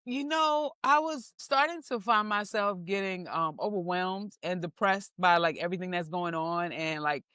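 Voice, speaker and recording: A young woman from New York, a comedian guest telling stories in an animated, slangy way. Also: on the low side, moderate pace, hardly any pauses, clear, resonant tone, dry recording, clean studio sound. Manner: animated, slangy, acts out quoted voices. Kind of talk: casual storytelling interview.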